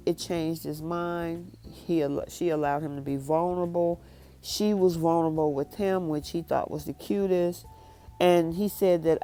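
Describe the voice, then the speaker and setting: A woman with a low, mellow voice, chatting through a reality-show recap. She keeps acting out the cast's lines as she retells each scene. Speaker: recap vlogger. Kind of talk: casual recap and review.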